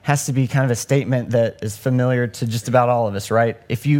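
A man's voice: fairly even intonation, quick pace, few pauses, a little mellow. A young man giving a casual, conversational sermon and acting out the voices in the story. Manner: conversational, acts out the story's voices with rising pitch. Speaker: preacher.

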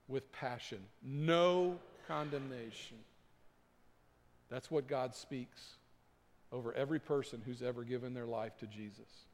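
Preaching man in a reverberant hall. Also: fairly high pitch. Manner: preaching with swells from hushed to emphatic. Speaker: pastor. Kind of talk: sermon.

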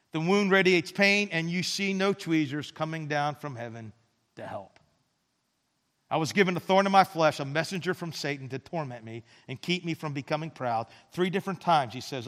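Earnest high-voiced preaching man. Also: long reverb tail. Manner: earnest preaching, drops to soft emphasis; repeats words when restarting. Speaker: pastor. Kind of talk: sermon.

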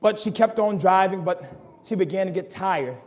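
A male preacher telling a dramatic sermon story, acting out its characters and rising to shouted appeals. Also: high-pitched, moderate pace.

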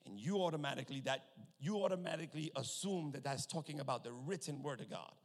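Hallelujah-filled preacher in a reverberant church. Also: male voice, fairly high pitch, fast talker. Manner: call-and-response preaching, frequent hallelujahs, swells to loud emphasis. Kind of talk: sermon. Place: church sanctuary with long reverb. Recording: long reverb of a church hall.

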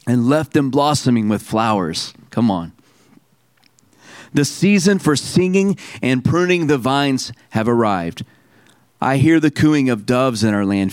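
A man preaching a sermon to a congregation. He reads scripture aloud slowly and with emphasis, and calls on the listeners to repeat lines back to him. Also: medium pitch, no room sound. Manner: preaching with call-and-response to the congregation. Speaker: pastor.

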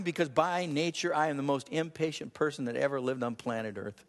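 Male pastor preaching, gets loud and high when he pushes a point, big echoey church hall. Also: a little fast, few pauses. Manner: animated preacher, voice climbing high for emphasis, laughs at himself. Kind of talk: sermon. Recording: long reverb of a large hall.

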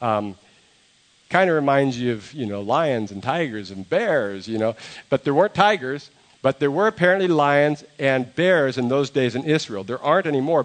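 A man preaching a sermon, telling a story in a relaxed, conversational way and acting out the quoted lines. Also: medium pitch. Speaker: pastor.

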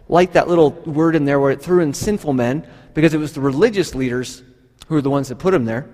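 A man preaching with a fairly high voice and lots of animated storytelling, acting out the people in his story. His voice rings on with a long reverb, as if in a large hall. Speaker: pastor. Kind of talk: sermon.

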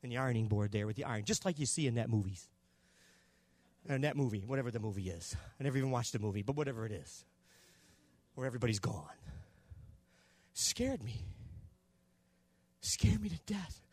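An older man preaching a Pentecostal sermon, telling a story and acting out the dialogue, going from hushed to shouting. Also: medium pitch, lively intonation, brisk, pauses often, slightly rough. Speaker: pastor.

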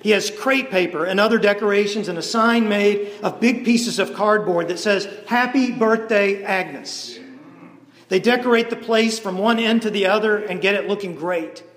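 High-voiced man telling a story in an echoey hall. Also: moderate pace, few pauses. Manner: animated storyteller, voices each character. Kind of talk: sermon storytelling. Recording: echoey hall with long reverb.

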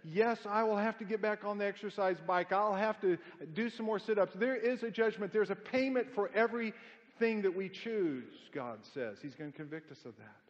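A man's voice: sits high, normal speed. A middle-aged man preaching a sermon, emphatic and full of rhetorical questions and folksy humorous stories. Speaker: pastor. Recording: dull sound with long hall reverb.

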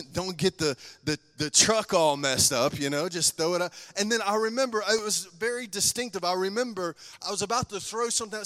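Male pastor, high bright voice, passionate testimony, hall reverb. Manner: passionate testimony, swings between loud and hushed. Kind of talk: sermon.

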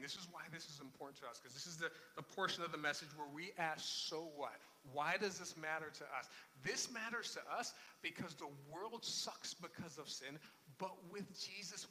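Bright-voiced man preaching in a reverberant hall. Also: on the high side, slight background noise. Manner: conversational preaching with repeated restarts. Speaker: pastor. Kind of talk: sermon.

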